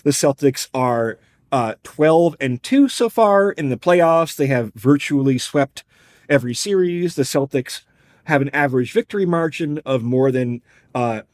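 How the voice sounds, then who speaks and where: A man's voice: mid-range voice, animated, measured pace, darkish tone. A man co-hosting a podcast, explaining sports numbers in a wry, conversational, analytical way. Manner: wry, explanatory, numbers-heavy, drops casual profanity. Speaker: podcast co-host.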